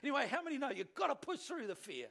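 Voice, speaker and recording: High-voiced pastor preaching. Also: male voice, fast, vocal fry. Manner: animated storytelling with self-deprecating humor. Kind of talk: sermon.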